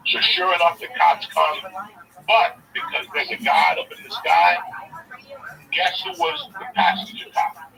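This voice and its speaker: Gravelly guy ranting through a story, voice all over the place, far off mic with music behind. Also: a little high, a little slow. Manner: profane, animated retelling with quoted dialogue. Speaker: storyteller guest. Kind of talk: casual storytelling.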